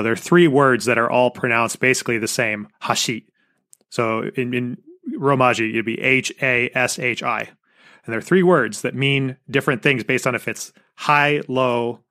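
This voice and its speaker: A man's voice: mid-range voice, bright, forceful tone. A man hosting a podcast interview, chatty, explaining things and joking with his guest. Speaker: podcast host. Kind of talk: casual interview conversation.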